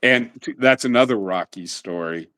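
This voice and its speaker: A middle-aged man being interviewed, telling animated stories in a casual way and quick to laugh. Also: mid-range voice. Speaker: interview guest.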